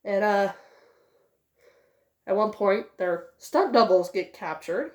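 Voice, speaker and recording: A woman's voice: medium pitch, lively intonation, takes it slowly, darkish tone, reverberant. A woman giving a casual spoken movie review, rambling with many fillers.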